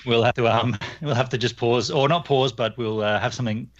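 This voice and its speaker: A man's voice: mid-range voice, fairly even intonation, a little fast. A man from Australia, a podcast guest chatting casually over a dull, lo-fi video call, a little hesitant and apologetic. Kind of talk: casual chat.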